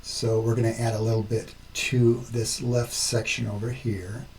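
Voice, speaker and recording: Male tutorial host, deliberate and methodical, recorded at a distance with faint background noise. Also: medium pitch, little pitch movement, darkish tone. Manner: slow, step-by-step explaining. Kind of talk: screen-recorded tutorial narration.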